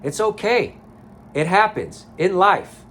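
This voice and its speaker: A man's voice: high-pitched, very animated, slow, fairly bright tone, slight background noise. A man giving a blunt, profane motivational rant to camera as a life coach vlogger, recorded in a sauna.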